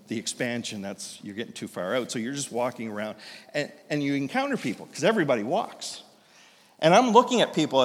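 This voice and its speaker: A man in his fifties, a pastor telling a story in a sermon, animated and self-deprecating, with frequent restarts. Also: medium pitch. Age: 50s. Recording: long hall reverb.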